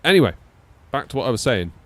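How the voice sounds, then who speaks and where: A man's voice: mid-range voice, very animated, fast, a bit bright, no room sound. A man chatting casually on a live stream, rambling with many fillers and little laughs. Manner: rambling, hesitant, lots of fillers and self-deprecating laughs. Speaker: flight sim streamer.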